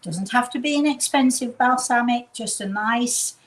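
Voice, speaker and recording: A woman's voice: fairly high pitch, normal speed, rough recording. A woman with an English accent hosting a casual home cooking demonstration in her kitchen, chatting in a rambling way and making self-deprecating asides. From England. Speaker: cooking show host.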